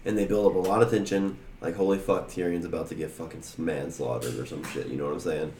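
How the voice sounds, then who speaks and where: Rambling low-voiced man, echoey room. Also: steady tone, fast, darkish tone, a little hiss or hum. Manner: rambling, full of "like" and "you know what I mean". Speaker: podcast co-host. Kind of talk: casual chat.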